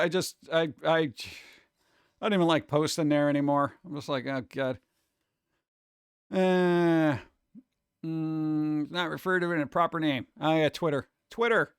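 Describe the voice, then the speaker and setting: A man chatting casually on a live stream, rambling and animated, jumping between topics and slipping into mocking voices. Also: on the high side, clear, resonant tone, no room sound, clean studio sound.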